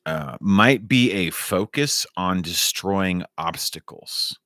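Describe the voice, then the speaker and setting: A man talks slowly in a loose, meandering solo monologue, looping back over his own phrases. His voice sits a little low and he swears now and then without weight. The sound is dry and close, with no room around it. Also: expressive, bright, forceful tone, dry recording. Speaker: vlogger.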